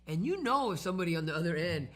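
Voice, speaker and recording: A man co-hosting a talk show, quick and animated, acting out everyday phone calls. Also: fairly high pitch. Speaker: co-host. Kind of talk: casual co-hosted talk.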